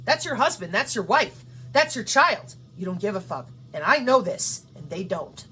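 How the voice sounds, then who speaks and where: A woman's voice: medium pitch, very animated, normal speed, sharp tone, soft background music. A woman hosting her own channel, delivering a profane, confrontational ranting monologue. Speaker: channel host.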